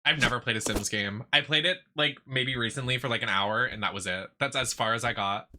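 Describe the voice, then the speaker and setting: A man's voice: medium pitch, brisk, noisy background. A man chatting casually with his live-stream viewers, teasing and swearing as he talks back to the chat.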